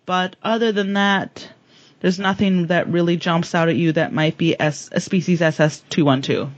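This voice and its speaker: A woman running a tabletop game as game master, narrating with hesitant pauses as she searches for words, on a dull lo-fi recording. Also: on the low side, steady tone, dry recording.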